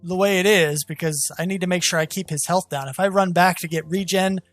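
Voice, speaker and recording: Excitable, exasperated gameplay commentator. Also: mid-range voice, brisk, no room sound, soft background music. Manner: talks to viewers as "guys". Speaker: gaming channel host.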